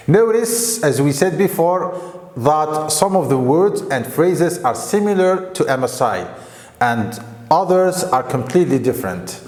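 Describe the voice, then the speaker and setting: A man teaches slowly and deliberately, often checking in with "okay?". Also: fairly high pitch, darkish tone. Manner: slow and deliberate, with frequent "okay?" check-ins. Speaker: Arabic teacher. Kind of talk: explaining to camera. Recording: echoey room with long reverb.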